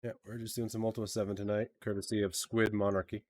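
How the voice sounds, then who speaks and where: A man streaming a game live, chatting with viewers in a relaxed, friendly way and reading game text aloud. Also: lowish voice, fast, dry recording. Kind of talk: livestream gameplay commentary and reading.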